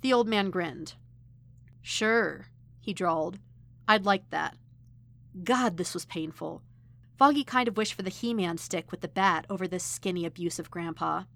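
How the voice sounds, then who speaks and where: A woman narrating a fan fiction story in an expressive, lively reading. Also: on the low side, normal speed. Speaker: podfic reader.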